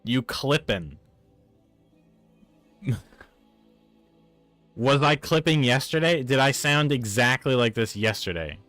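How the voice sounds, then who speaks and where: A man with a Newfoundland accent chats casually on a live stream, exasperated as he argues with viewers about his microphone. His voice is fairly low and a bit bright, captured in a dry recording.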